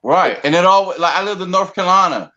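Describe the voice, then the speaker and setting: A man from the DC area, talking in a rambling, animated way in a casual group debate, often repeating words. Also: sits high, brisk, highs cut off. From DC, Maryland, Virginia area.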